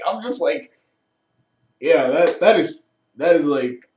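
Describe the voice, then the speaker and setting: A man's voice: fairly high pitch, expressive, takes it slowly, long pauses, a little mellow. A man casually recapping and reviewing a show episode with enthusiasm, swearing and laughing often. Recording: echoey room.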